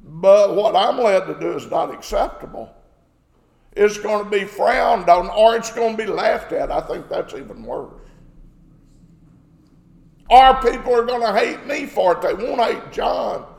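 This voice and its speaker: A man's voice: high voice, expressive, measured pace, vocal fry, a little mellow, roomy sound, big-room sound. A man preaching a sermon, emphatic, asking rhetorical questions and acting out quoted exchanges.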